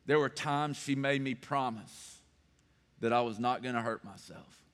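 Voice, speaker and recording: A middle-aged man preaches from the pulpit. His voice sits at an ordinary pitch for a man, and he talks in an earnest, confiding way, stacking up repeated phrases for emphasis. A long hall reverb trails behind every word. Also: a little slow. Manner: earnest and personal, builds to rising emphatic repetition. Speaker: pastor. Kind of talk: sermon. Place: church sanctuary.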